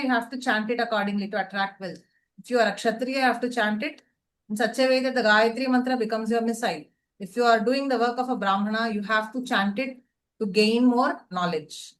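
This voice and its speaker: A woman's voice: a little high, a bit bright, low-quality recording. A woman teaching a class, explaining step by step and asking and answering her own questions.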